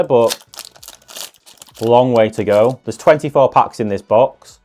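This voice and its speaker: A man's voice: medium pitch, slow pace, warm tone, faint music behind. A man hosting a casual card-opening video, chatting along in a musing way with self-deprecating asides. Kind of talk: casual unboxing commentary.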